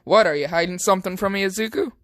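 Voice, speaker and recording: A man's voice: high voice, fast talker, a bit bright, no echo, studio quality. A young man voicing a wry, matter-of-fact army general. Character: gruff older male army general.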